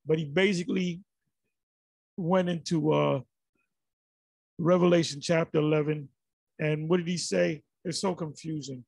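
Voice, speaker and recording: A man with a raspy, gravelly, somewhat high voice delivers loose, casual commentary. He rambles, restarts sentences and sounds exasperated. The sound is dry and close. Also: steady tone, a little slow, pauses often, darkish tone, no room sound. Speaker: religious commentary vlogger.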